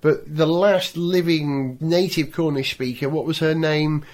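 A man's voice: a little high, steady tone, a little slow, darkish tone. A middle-aged man, a car show co-host, chatting enthusiastically and telling stories. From Wales. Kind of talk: casual chat.

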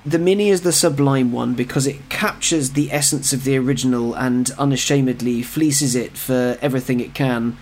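A man's voice: mid-range voice, moderate pace, hardly any pauses, a little mellow, slight background noise. A man co-hosting a casual podcast discussion, with dry jokes and wry asides. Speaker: co-host.

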